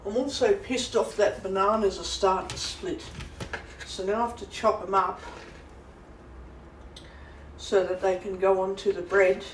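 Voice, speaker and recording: Slow, angry woman ranting. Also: mid-range voice, fairly even intonation. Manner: angry, swearing, slow repetitive venting. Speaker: vlogger. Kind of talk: ranting vlog while making food. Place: kitchen at home. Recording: roomy, distant, noisy background.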